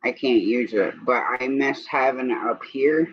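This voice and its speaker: A man's voice: mid-range voice, normal speed, a little hiss or hum. Chatty man on a lo-fi livestream. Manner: rambling, chatty, drifts between topics. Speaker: livestream host. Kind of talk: casual evening chat. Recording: dull lo-fi stream audio.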